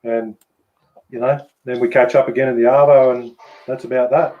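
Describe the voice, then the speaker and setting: Aussie bloke yarning casually, swears a lot, bit dull lo-fi sound. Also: male voice, mid-range voice, moderate pace. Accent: Australian. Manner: relaxed, swears freely, laughs often. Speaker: host. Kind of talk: casual chat.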